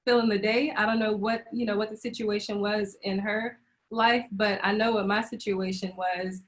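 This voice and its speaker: A woman's voice: mid-range voice, fairly even intonation, moderate pace. A woman speaking candidly and emotionally as a panel guest, telling a personal story with frequent laughs and restarts over a video call. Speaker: panel guest sharing birth experience.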